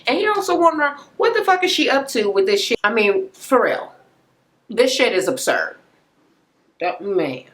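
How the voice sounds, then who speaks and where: A young woman recapping a reality TV episode in a casual, profane rant. She acts out the people she quotes with sudden jumps in pitch, uses many fillers and laughs at the scenes. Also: moderate pace. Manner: animated retelling, acting out quoted people with sharp pitch jumps.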